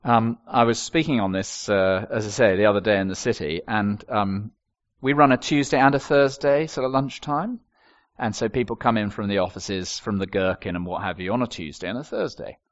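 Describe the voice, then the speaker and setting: A man's voice: fairly low pitch, normal speed, highs cut off. An older man preaching a sermon, telling stories with wry humour. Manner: expressive storytelling with wry humour.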